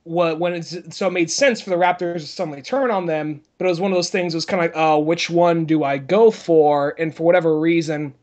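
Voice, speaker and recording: Man, podcast co-host, higher-pitched, rambling, profane, casual movie chat. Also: fast, few pauses, darkish tone, dull audio. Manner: rambling, profane, laughs often, restarts a lot.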